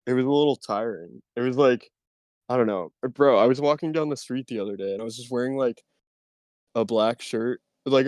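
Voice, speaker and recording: A young man talks loosely on a podcast, drifting between casual swearing and quick laughs. His voice sits at a middle pitch, recorded dry and close with no room sound. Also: a little mellow, no room sound. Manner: laid-back, swears casually, laughs often. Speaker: podcast host. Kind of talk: casual chat.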